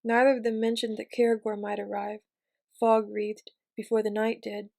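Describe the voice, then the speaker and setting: A woman reading a novel aloud in a measured, steady way. Her voice sits a little high and moves within a narrow, level range. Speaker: reader. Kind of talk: audiobook reading.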